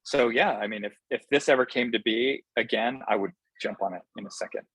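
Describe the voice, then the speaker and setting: A man's voice: mid-range voice, fairly quick, fairly bright tone, slightly rough, no echo, low-quality recording. A man being interviewed as a film director, talking in an earnest, enthusiastic way that often halts on fillers. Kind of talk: casual interview answers.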